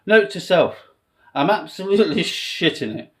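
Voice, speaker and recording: A man talking straight to camera in a rambling, emotional monologue, swearing freely and swinging between quiet musing and impassioned appeals. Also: sits high, sing-song, moderate pace. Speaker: self-styled candidate vlogger.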